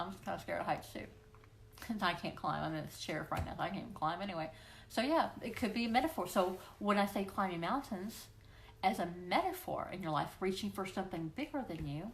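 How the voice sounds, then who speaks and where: Through a computer microphone, a woman hosts her weekly live Q&A, keeping things casual and encouraging for viewers while playfully voicing the people she quotes. Her voice is medium-pitched with vocal fry, over slight background noise.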